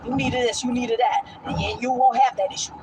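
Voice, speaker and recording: A woman's voice: on the high side, steady tone, a little fast, noisy background, close to an everyday voice. A woman mimicking judgmental gossiping onlookers with a mocking, dismissive drawl. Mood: scornful.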